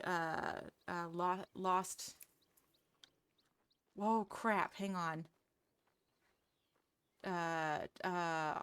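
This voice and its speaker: A woman's voice: mid-range voice, no room sound. A woman streamer chatting casually with her viewers, self-deprecating and laughing often. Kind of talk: casual live-stream chat.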